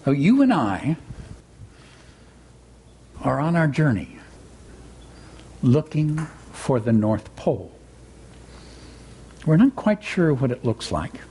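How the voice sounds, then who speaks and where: A man giving a gentle, reflective spiritual talk in sermon style, weaving in a read-aloud story. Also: medium pitch, big pitch swings, takes it slowly, pauses often, slightly rough. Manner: gentle, reflective, reading with voices. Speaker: spiritual teacher.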